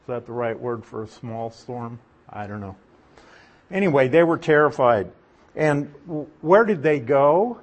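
A man's voice: medium pitch, expressive, measured pace. A man teaching a Bible lesson, explaining Greek words and putting questions to his listeners.

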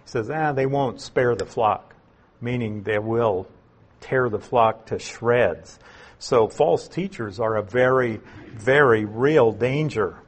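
A man gives an expository Bible lesson at a slow, deliberate pace. His voice is a little husky, and he stops to explain terms and repeat the point so it lands. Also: medium pitch. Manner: unhurried, explains terms and repeats key phrases. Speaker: Bible teacher.

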